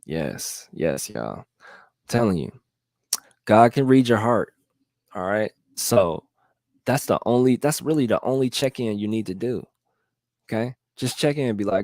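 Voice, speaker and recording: A man's voice: on the low side, expressive, a little slow, long pauses, darkish tone, no room sound, clean studio sound. A middle-aged man hosting a motivational live talk, earnestly urging his viewers and repeating his points. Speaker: motivational livestream host.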